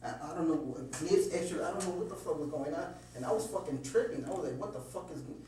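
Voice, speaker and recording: A man's voice: a little high, fast talker, warm tone. A man being questioned, nervously rambling through his account with lots of swearing and restarts. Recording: very echoey room, distant mic, faint hum.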